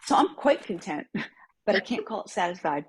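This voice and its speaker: Breathy-voiced woman telling a story. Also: medium pitch, big pitch swings, normal speed. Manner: chatty, laughs often, acts out quoted voices. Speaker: call member sharing. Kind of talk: casual personal storytelling. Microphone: computer mic on an online group call.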